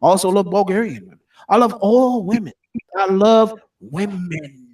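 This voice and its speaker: A man co-hosting a podcast, defending himself in heated casual banter, animated and profane. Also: high voice, normal speed, far from the mic. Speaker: podcast co-host.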